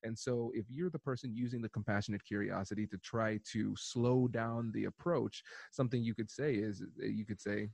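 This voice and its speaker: A man in his thirties, a guest on a podcast interview, calmly and methodically explaining a conflict resolution framework. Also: fairly low pitch, moderate pace, gravelly, few pauses, slightly rough, no echo. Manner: calm, methodical explaining with acted-out example dialogues.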